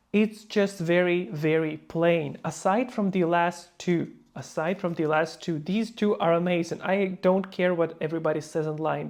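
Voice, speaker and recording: A man speaking non-native English in a casual review vlog, emphatic and playfully mocking, slipping into quick mock voices. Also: sits high, a little mellow. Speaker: fragrance reviewer.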